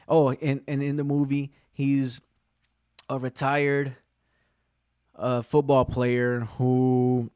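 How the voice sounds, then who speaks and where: A man hosting his own podcast, telling rambling, profane stories in a casual, excitable way. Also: mid-range voice, dry recording, studio quality. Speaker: podcast host. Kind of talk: casual solo podcast storytelling.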